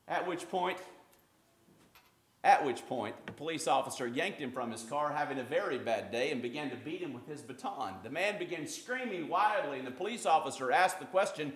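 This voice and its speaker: A man's voice: on the high side, expressive, brisk, pushed and bright. A man preaching a sermon as pastor, folksy and conversational with touches of humor.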